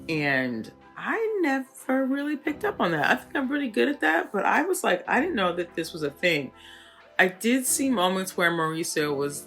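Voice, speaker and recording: A woman hosting a reality TV recap, talking in a chatty, animated way full of fillers. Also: lowish voice. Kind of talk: casual commentary.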